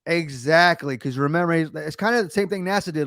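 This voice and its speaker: A man's voice: a little high, brisk, hardly any pauses, a bit bright, no room sound, studio quality. An American man hosting a livestream, ranting sarcastically in casual chat with lots of restarts. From United States. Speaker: livestream host.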